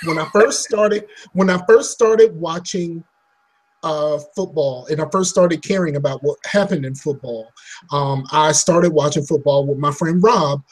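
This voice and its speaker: A man with a fairly high, husky voice co-hosts a relaxed podcast chat. He talks bluntly and teases with trash talk. He wanders and restarts his sentences as he goes. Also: measured pace. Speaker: podcast co-host. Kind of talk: casual chat.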